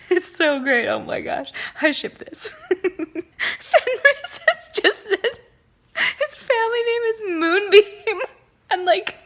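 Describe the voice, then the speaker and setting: A woman chatting casually in a reading vlog, gushing and excitable, saying "like" a lot, with a rough early-morning voice. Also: very high voice, slow, pauses often. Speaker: book vlogger.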